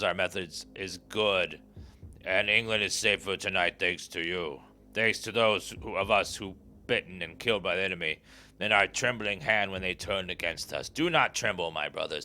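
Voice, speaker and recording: A grave old leader of vampire hunters , put on by a man reading game notes aloud declaims to his brothers slowly and solemnly in a mock British style. The voice sits low yet sounds bright and forceful. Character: old male vampire-hunter founder giving a rousing speech.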